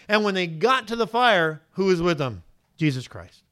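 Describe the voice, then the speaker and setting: A man's voice: sits high, animated, moderate pace, sharp tone. Man preaching in a rising, questioning voice. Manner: preaching with many rhetorical questions. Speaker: pastor. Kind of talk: sermon.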